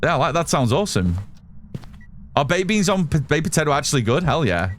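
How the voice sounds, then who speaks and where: Slightly high and sing-song, this British man's fairly quick speech carries casual live gameplay commentary. He plays a game while reading out and answering chat, with slight background noise behind him.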